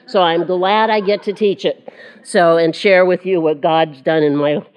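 A woman's voice: lowish voice, steady tone, measured pace, clean tone, muffled recording. A woman teaching a church Bible lesson in a chatty, self-deprecating way, with frequent laughter. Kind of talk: casual teaching to a class.

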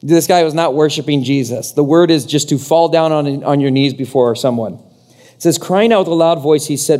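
A male pastor preaching a sermon in an animated way, acting out the voices he quotes. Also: fairly high pitch, normal speed.

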